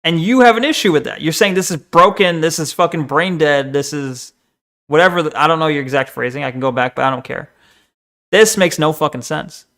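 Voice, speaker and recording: A young man live-streams his reaction to a video, venting in an exasperated, profane way. His voice sits a little higher than most men's. He talks loosely and casually, like he's arguing with the screen. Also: a little fast, a bit bright.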